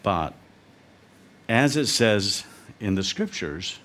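A man's voice: medium pitch, lively intonation, measured pace. Male preacher telling stories. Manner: storytelling, emphatic. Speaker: visiting preacher and missionary. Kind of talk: sermon.

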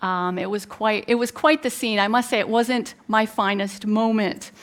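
A woman's voice: mid-range voice, moderate pace. A middle-aged woman from Canada preaching a sermon, retelling a personal story with many fillers and emphatic turns.

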